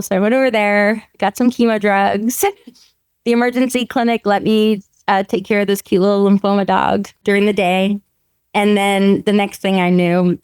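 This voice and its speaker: Middle-aged woman, lively storyteller with a smooth voice in a dry room. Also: mid-range voice, dry recording. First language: French. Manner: animated storytelling, laughs often, acts out quoted dialogue. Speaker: veterinary oncologist guest. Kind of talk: casual podcast interview.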